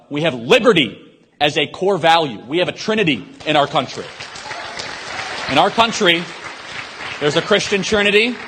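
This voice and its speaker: A man hosting a live event, answering an audience question with a forceful, rapid-fire speech full of rhetorical questions. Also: medium pitch, breathy edge. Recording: long hall reverb.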